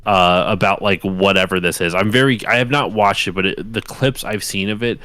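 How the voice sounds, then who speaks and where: A man's voice: fairly low pitch, fairly even intonation, a little fast, bright, forceful tone, no room sound. A man co-hosting a livestreamed talk show, telling stories enthusiastically with lots of fillers and casual swearing. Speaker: podcast co-host. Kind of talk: casual chat.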